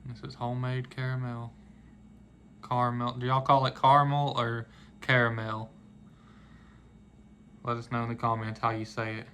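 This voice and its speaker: A man's voice: mid-range voice, monotone, a little fast, sharp tone, slight background noise. A young man hosting a casual cooking vlog in a home kitchen, explaining plainly to viewers. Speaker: channel host.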